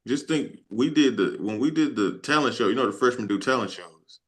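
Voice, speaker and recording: A young man joining a podcast chat, excitable and joking. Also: mid-range voice, fairly quick. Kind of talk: casual chat.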